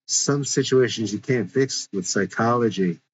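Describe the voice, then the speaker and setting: A man's voice: medium pitch, unhurried, close to an everyday voice. A man voicing a tough, distrustful teenage girl who talks bluntly and with slang, in a dull lo-fi recording.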